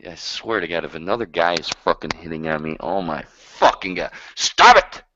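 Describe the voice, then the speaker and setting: A man's voice: sits low, fairly quick, a bit bright. Brash, swearing man ranting on a stream. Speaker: live stream co-host. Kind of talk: profane live-stream banter. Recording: lo-fi stream audio with faint hiss.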